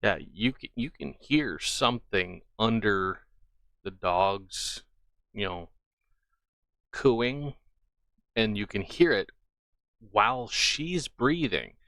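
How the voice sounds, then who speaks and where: Slow, bright-voiced man telling a story. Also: fairly low pitch, lively intonation, no room sound. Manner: earnest, repeats himself, slow and deliberate. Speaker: channel host. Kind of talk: casual storytelling and commentary.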